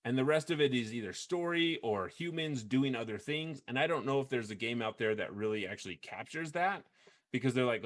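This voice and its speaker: A man hosting a video game podcast in casual chat, rambling with frequent restarts and quick laughs. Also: lowish voice, lively intonation. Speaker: podcast host.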